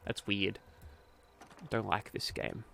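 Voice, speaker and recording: A man's voice: lowish voice, fairly even intonation, slow pace, gravelly, fairly bright tone, slight background noise. A man streaming a game, giving casual commentary while he mutters, grumbles and swears.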